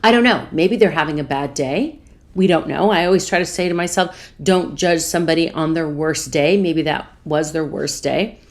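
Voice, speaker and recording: A woman podcast host earnestly retelling a personal story, acting out both sides of a conversation. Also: low-pitched. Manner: earnest, calm, measured.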